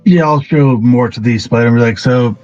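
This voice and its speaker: A man's voice: mid-range voice, a little fast, darkish tone. A laid-back man at a game table with a mid-range voice, who sounds dry and swears casually. The recording is muffled, with faint music and guitar behind him. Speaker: player.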